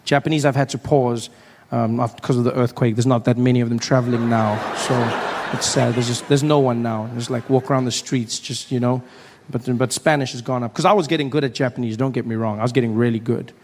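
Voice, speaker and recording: A man's voice: mid-range voice, fairly even intonation, brisk, darkish tone. A man doing a stand-up routine on a comedy club stage, playful and riffing with the crowd. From South Africa. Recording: live club, long reverb, faint crowd noise.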